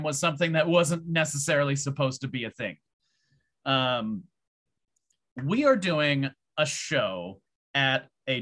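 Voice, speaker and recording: A man guesting on a podcast, telling a long casual story in a profane, rambling, animated way. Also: on the high side. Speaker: podcast guest, pro wrestler.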